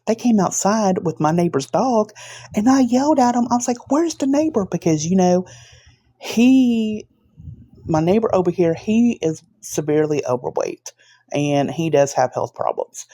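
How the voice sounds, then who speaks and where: A woman's voice: low voice, moderate pace. Emphatic woman telling a story. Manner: emphatic, animated retelling with frequent restarts. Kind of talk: casual storytelling to camera.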